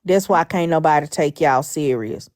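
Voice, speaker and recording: A woman on a live stream, mocking and blunt as she trash-talks. Her voice runs low, and the sound is dry and close. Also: normal speed, a little mellow, no echo. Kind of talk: casual live-stream chat.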